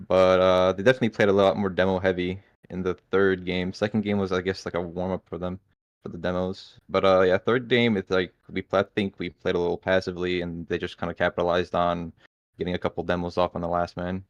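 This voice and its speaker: Very deep male gamer voice, fast laid-back talk, dull dry mic sound. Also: little pitch movement, dry recording. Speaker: esports player guest. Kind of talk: casual interview answers.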